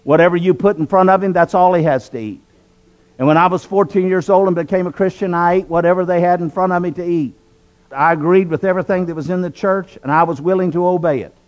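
Fast and high-pitched, with the highs cut off, a man from southwestern Virginia speaks as a guest. His testimony about being converted is earnest and preacherly, full of phrases repeated for emphasis.

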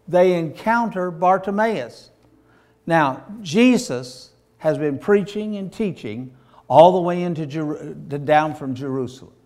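Male preacher, storytelling sermon, animated delivery, slightly high register. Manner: animated, acts out voices and shouts.

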